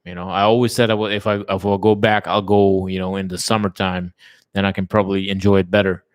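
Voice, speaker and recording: Casual chat host, male, lowish pitch, loose and rambling, drops curse words. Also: quick pace. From lives in a tourism-based place, has lived abroad. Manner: relaxed, rambling, swears often, many fillers. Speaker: channel host chatting with viewers.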